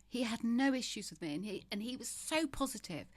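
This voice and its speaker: A woman's voice: fairly high pitch, lively intonation, fairly quick, hardly any pauses, dry recording. A woman in her fifties, a podcast guest, talking frankly and often laughing as she moves between humor and grief. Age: 50s. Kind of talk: candid conversational interview.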